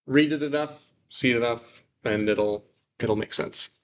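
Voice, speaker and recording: A man teaching a relaxed Bible Greek class, reading example sentences aloud and explaining them slowly with casual fillers. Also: mid-range voice, a little hiss or hum.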